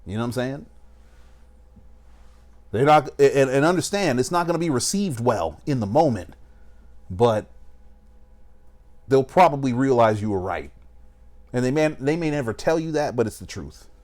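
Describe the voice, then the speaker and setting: A man's voice: mid-range voice, expressive, normal speed, long pauses, darkish tone. A young man, talking in a casual, emphatic way as he reacts to a video and gives advice. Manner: emphatic, preachy, keeps saying "you know what I'm saying". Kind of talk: casual commentary.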